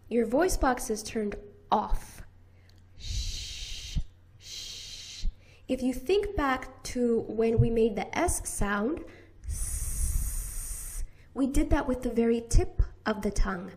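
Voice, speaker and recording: A woman with a General American accent teaching pronunciation, repeating each sound slowly and deliberately. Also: on the high side, a little mellow. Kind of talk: slow, careful pronunciation lesson.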